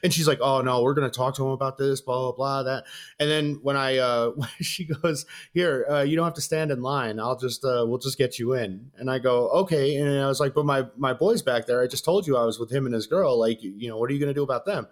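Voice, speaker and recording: A young man rattles through a story at high speed, his voice sitting at an ordinary middle pitch. He slips into the voices of the people he quotes and leans hard on street slang, in easygoing podcast talk. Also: brisk. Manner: animated, acts out both sides of the story with slang. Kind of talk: casual storytelling chat.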